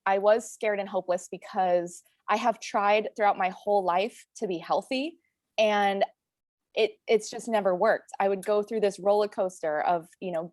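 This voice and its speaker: A woman in her late twenties, appearing as a guest, tells a personal story in a recorded conversation, candid and earnest, filled with "like" and "you know." The clean, dry studio recording captures a mid-range voice with a darkish tone.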